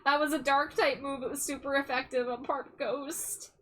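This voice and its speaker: A woman's voice: high-pitched, fairly even intonation, moderate pace, fairly bright tone, a little hiss or hum. A woman streamer chatting casually with her viewers, giggling often and reading their messages aloud. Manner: giggly, reads chat aloud. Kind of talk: casual live-stream chat.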